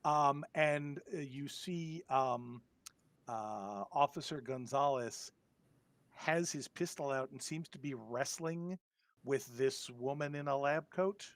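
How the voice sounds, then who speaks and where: A man narrates a tabletop horror session as game master, pausing often and filling gaps with "um". His voice sits at an everyday middle pitch. The sound is dry and close, with no room echo. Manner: hesitant, many filler words.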